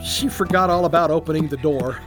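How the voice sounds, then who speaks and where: A storyteller narrating a Bible story for children in an expressive, read-aloud manner. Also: mid-range voice, brisk. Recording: faint background music.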